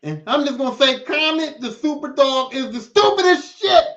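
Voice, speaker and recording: A man with a high voice hosts a podcast in an animated, casual rant, swearing freely and hammering points home through repetition. He sounds set back from the mic in an echoey room. The recording is dull and lo-fi. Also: moderate pace, distant mic. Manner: animated, swearing, repeats phrases for emphasis. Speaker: podcast host. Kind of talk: casual opinion monologue.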